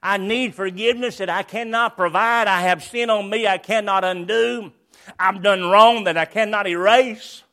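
Older male preacher, high voice, repeats his points hard, then drops to near-whisper. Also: steady tone, normal speed. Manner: emphatic, repetitive, swings between loud and hushed. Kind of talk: sermon.

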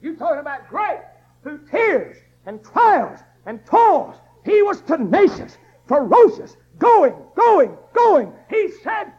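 Man preaching, very high voice, lively swings, emphatic repetition, dull lo-fi recording. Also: slow. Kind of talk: fiery Baptist sermon.

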